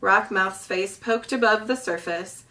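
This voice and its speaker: Bright-voiced woman reading a storybook. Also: medium pitch, unhurried, distant mic. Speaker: storybook reader. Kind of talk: reading a children's novel aloud.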